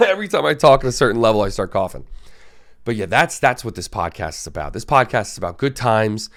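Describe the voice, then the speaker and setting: A podcast host with a hoarse, sore throat who talks in a half-whisper, rambling casually, swearing and repeating himself as he restarts sentences. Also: fairly low pitch, big pitch swings, a little fast, a bit bright. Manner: repeats words and restarts often. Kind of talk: solo podcast monologue.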